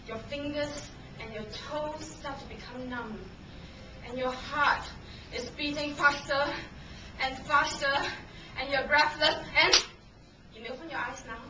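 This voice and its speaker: A woman in her thirties giving a dramatic storytelling speech at a contest, acting out scenes with shrieks and laughter. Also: high voice. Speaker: contest speaker. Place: meeting hall. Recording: echoey hall, distant camera, noisy.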